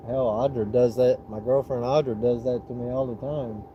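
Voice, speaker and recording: A middle-aged man with a Southern US accent, chatting casually on a fishing livestream in a relaxed, rambling way with frequent restarts. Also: mid-range voice, normal speed, muffled recording, slight background noise.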